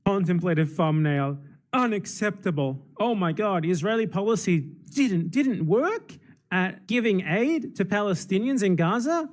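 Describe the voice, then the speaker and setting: A man's voice: high-pitched, lively intonation, measured pace. A man hosting a livestream, giving impassioned, sarcastic political commentary. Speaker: streamer host.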